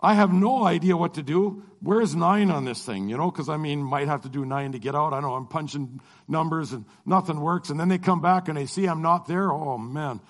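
A man telling a personal story to an audience in a lively way, acting out the people he quotes. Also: fairly high pitch, moderate pace, few pauses. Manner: animated, acts out the people he quotes.

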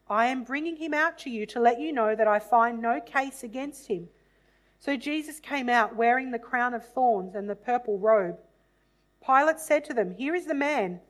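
A woman reading a Bible passage aloud in a measured, solemn way, then reflecting on it. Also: a little high, rough recording.

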